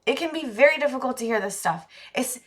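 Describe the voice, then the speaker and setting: A woman's voice: high voice, animated, quick pace. A woman giving a casual pick-a-card tarot reading to her viewers, candid and emotional and swearing freely. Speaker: tarot reader.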